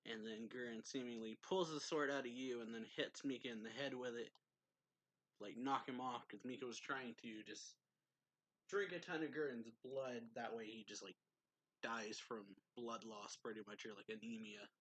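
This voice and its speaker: A man's voice: mid-range voice, moderate pace, a bit bright. A man giving a casual, rambling recap of a manga chapter as a reviewer. He fills his talk with "like" and reads quoted lines aloud along the way.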